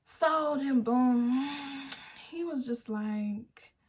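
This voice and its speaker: A woman's voice: fairly high pitch, extremely slow, darkish tone, breathy edge. An eighteen-year-old woman telling a storytime vlog, acting out the quotes as she goes. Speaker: vlogger. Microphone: phone camera.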